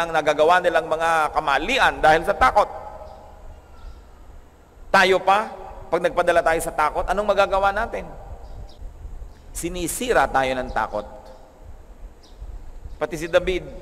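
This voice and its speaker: Filipino pastor preaching in a long hall. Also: male voice, fairly high pitch. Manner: switches between Tagalog and English, reads scripture slowly and softly. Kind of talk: radio sermon.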